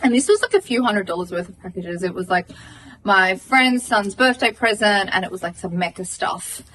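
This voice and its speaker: A woman's voice: medium pitch, normal speed, far from the mic, a little hiss or hum, poor audio. An Australian woman in her thirties, a podcast co-host, telling a long story in casual chat, swearing and acting out what people said. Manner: animated, swearing, acts out dialogue.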